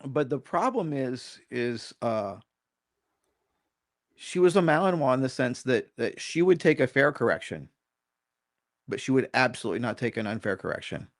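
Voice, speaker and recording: A man's voice: mid-range voice, expressive, normal speed, pauses often, no echo, clean studio sound. A middle-aged man, a dog trainer and guest, telling a story in a candid, self-critical way and swearing casually.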